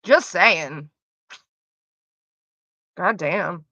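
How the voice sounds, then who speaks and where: A woman's voice: fairly low pitch, extremely slow, bright, forceful tone, no echo. A woman streamer chatting casually with her viewers, profane, sarcastic and ranting. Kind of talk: casual chat.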